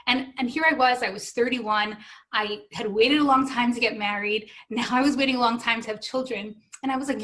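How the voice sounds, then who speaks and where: A woman in her thirties tells her personal story in a fairly high voice. She is earnest and emotional, and she acts out the voices of the people she quotes. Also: fairly quick, a bit bright. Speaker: guest telling her story.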